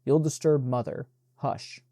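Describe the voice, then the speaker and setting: A man's voice: mid-range voice, steady tone, measured pace, warm tone, no echo, clean studio sound, lightly acted. A man voicing a bossy young Southern girl who can turn coaxing and tender. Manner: commanding, then coaxing and tender.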